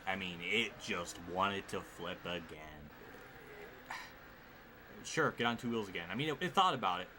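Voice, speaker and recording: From his desk at home, a man streams a racing game, his voice sitting low and his speed normal. He swears and vents in exasperation throughout his live commentary, and the recording carries steady background noise.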